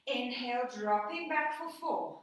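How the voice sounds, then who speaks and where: Breathless high-voiced woman leading a workout. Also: measured pace. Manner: encouraging, counts and cues breathing. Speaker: fitness instructor. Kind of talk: guided workout instruction. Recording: echoey room, voice from a distance.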